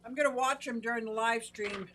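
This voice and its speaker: A woman's voice: fairly high pitch, fairly even intonation, brisk, a bit bright, a little hiss or hum. A middle-aged woman hosting a casual live stream from her fish room at home, chatting away and greeting viewers by name. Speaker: aquarium hobbyist live-stream host.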